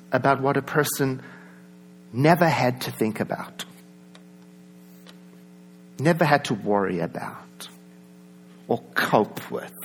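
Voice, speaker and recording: A man with a South African accent giving a reflective personal talk, conversational, with many asides and soft laughs. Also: mid-range voice, slight background noise. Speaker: speaker.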